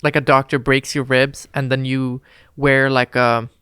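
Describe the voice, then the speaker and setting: A woman's voice: flat delivery, a little slow, a bit bright, clear, resonant tone, dry recording, clean studio sound. A woman co-hosting a podcast in casual chat, giggly and chatty. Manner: giggly and chatty, with jumpy pitch. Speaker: podcast co-host.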